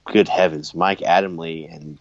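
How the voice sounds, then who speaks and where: A man's voice: deep voice, normal speed, dry recording, highs cut off. A man co-hosting a casual wrestling podcast, joking and laughing often as he talks. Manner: jokey, animated, laughs often. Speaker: podcast co-host.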